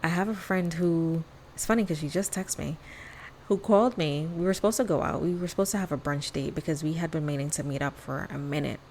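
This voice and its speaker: A woman's voice: low voice, a little fast, a little mellow, slight background noise, low-quality recording. A woman hosting a podcast alone, talking candidly and casually, often acting out bits of dialogue. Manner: candid, chatty, acts out quoted dialogue. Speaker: podcast host. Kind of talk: casual solo podcast monologue.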